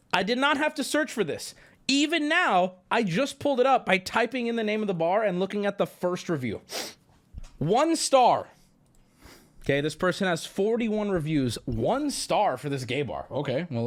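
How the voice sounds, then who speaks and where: A male streamer spinning a casual story. He rambles and mocks himself, tripping over restarts. His pitch rises and falls in a lively way. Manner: rambling, self-mocking, stammering restarts. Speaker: streamer host.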